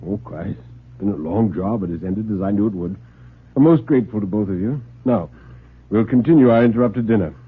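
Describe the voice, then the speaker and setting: A man voicing a cool, scheming older male host who talks in a suave, measured way. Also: fairly low pitch, husky. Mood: smooth. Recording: tinny old radio broadcast.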